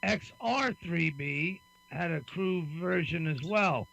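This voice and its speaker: A man's voice: on the high side, expressive, slow, vocal fry, fairly bright tone, poor audio. A man hosting a live talk show, reading a viewer's question out plainly over remote audio.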